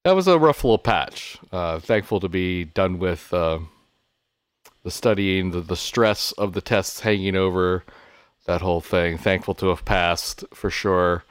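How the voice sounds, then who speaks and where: A man co-hosting a podcast, speaking casually and haltingly with many fillers. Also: deep voice, clean tone, no echo. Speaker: podcast co-host. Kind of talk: casual chat.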